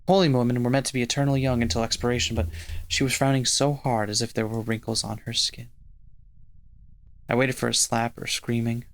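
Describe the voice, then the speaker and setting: A man reads narration from a visual novel for his let's play. His voice is mid-pitched and steady. He reads plainly, line by line. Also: brisk. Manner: steady first-person reading of game text.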